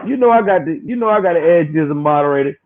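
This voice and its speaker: Rapid-fire and fairly high-pitched, this livestream host cracks slangy jokes and laughs between nearly every remark. He's animated throughout, and the sound has a tinny, phone-like quality.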